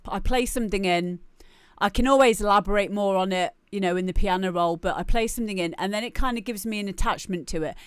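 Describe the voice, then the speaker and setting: A woman's voice: medium pitch, quick pace, clear, resonant tone, no echo, studio quality. A woman talking casually on a live stream, chatty and repeating herself as she gives feedback on music. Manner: chatty, restarts and repeats words often.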